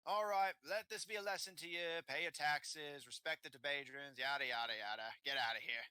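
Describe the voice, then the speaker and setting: A man's voice: on the high side, fairly quick, bright, forceful tone, smooth, no echo, voice pushed up. Man voicing a big mocking bandit chief. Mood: dismissive. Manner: taunting, casually menacing.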